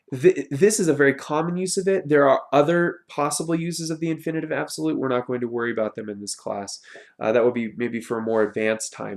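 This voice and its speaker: Creaky-voiced man teaching a lesson. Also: mid-range voice. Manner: explanatory, with frequent fillers and self-corrections; pronounces Hebrew words slowly and carefully. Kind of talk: recorded online lecture.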